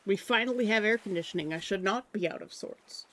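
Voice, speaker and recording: This is a live streamer in casual chat while drawing, with a voice of middling pitch. The talk rambles and drifts between thoughts. The streamer is easily distracted and makes light fun of themself. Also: fairly quick, a bit bright, a little hiss or hum. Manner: rambling, distracted, self-mocking.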